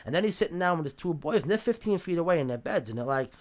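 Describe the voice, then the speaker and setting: Man, new york accent, streetwise storyteller, swears a lot, slightly higher voice. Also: animated, racing, few pauses. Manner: streetwise, swears often, acts out quoted voices. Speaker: podcast guest. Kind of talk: casual storytelling.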